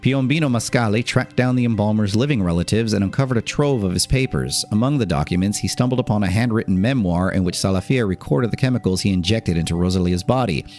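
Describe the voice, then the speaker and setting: Man, low voice, streamer reading an article aloud, casual asides, faint music behind. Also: quick pace, hardly any pauses, a little mellow.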